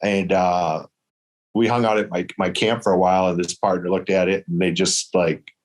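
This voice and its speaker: A man from Michigan tells a story at an easy pace, wandering a little and dropping into other people's voices as he quotes them. His voice sits on the low side. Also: moderate pace. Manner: relaxed, rambling, acts out quoted voices. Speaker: guest, traditional bow hunter. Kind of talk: casual storytelling.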